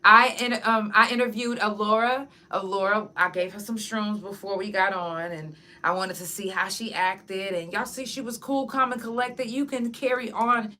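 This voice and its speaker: A woman hosts her podcast in a casual, unfiltered chat, speaking right to her audience. Her voice is bright and forward, at a middle pitch for a woman. She talks bluntly and curses freely. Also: steady tone, moderate pace, few pauses. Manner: frank, chatty and profane. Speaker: podcast host; singer.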